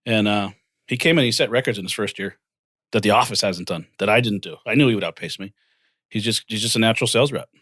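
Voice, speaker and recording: At a quick clip and in a lowish voice, the guest—a man in his forties who co-founded a financial firm—relates his career history in a laid-back interview. He acts out dialogue in quotes with animation. Dry, studio-quality recording.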